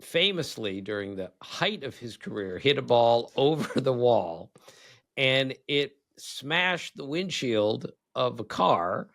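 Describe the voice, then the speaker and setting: A man's voice: medium pitch, sing-song, slow, fairly bright tone, dry recording. A man in his sixties, a podcast co-host, telling rambling baseball stories in casual chat and often breaking into laughs. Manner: rambling anecdotes with frequent laughs. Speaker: co-host, former baseball writer.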